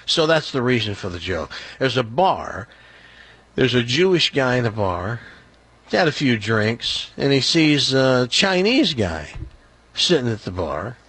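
A man's voice: mid-range voice, sing-song, unhurried, fairly bright tone, husky, no room sound. A man hosting talk radio, blunt and opinionated as he tells a story and a joke at a studio microphone. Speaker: radio talk show host. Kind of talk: casual talk radio monologue.

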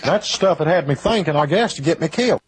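A man telling rough stories from his past in a rambling, colloquial way, played from a documentary. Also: a little high, expressive, quick pace. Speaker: documentary interviewee.

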